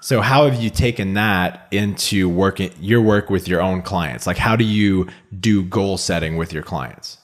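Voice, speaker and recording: A man hosting a podcast, asking questions in a halting way with many restarts. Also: low voice. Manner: halting, stumbles and restarts words. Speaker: podcast host. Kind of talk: casual interview questions.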